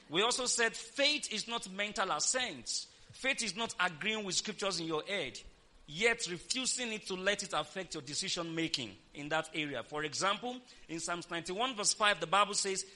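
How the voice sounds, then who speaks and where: A male preacher delivers a sermon in a high, bright voice. He preaches with emphasis and keeps calling on his listeners to repeat after him and say amen. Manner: emphatic, calls for congregation responses.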